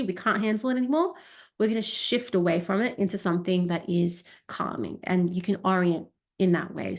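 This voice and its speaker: A woman coach gives an educational talk and demonstrates by voicing her body sensations aloud. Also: medium pitch. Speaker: wellness coach.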